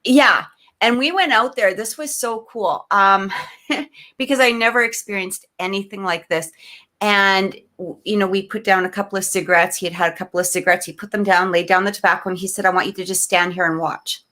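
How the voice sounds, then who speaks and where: A woman from Canada, co-hosting a podcast, tells a personal story in a lively, emotional way, full of restarts and fillers. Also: medium pitch, brisk. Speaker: podcast co-host. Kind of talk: casual storytelling in an interview.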